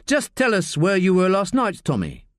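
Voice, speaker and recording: A man voicing a calm, sardonic veteran police sergeant in an audiobook. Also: high-pitched, moderate pace, no echo, voice pushed up, exaggerated voice. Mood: wry. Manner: dry, sardonic.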